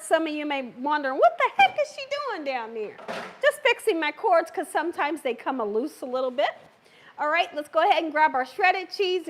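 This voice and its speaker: This cooking show host is a woman whose high, slightly bright voice comes with a little hiss or hum. She cooks on a live stream, joking with viewers and the chat, laughing and encouraging herself along the way.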